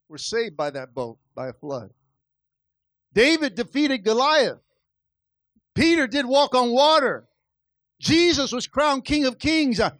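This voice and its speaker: A man's voice: extremely high pitch, no echo. A male pastor preaching a sermon, calling out to the congregation and dramatically acting out biblical characters as he tells their stories. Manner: call-and-response exhortation.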